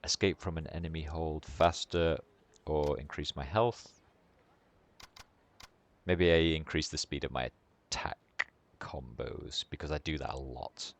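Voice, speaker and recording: A man's voice: a bass voice, measured pace, long pauses. A man streaming a game, making casual, musing commentary with mumbled asides.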